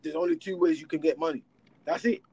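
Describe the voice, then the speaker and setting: A man rants in a casual chat, firing off rhetorical questions in street slang. His voice sits high and lively. The sound is dry and close. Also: fast, husky, no room sound. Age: adult with children.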